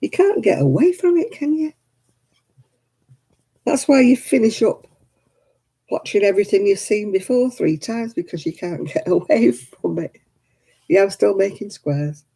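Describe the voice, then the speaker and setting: A woman's voice: mid-range voice, expressive, measured pace, gravelly, long pauses, dark tone, breathy edge, poor audio. A woman hosting a crafting livestream, chatting casually with viewers and grumbling about television. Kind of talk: casual chat with viewers while crocheting.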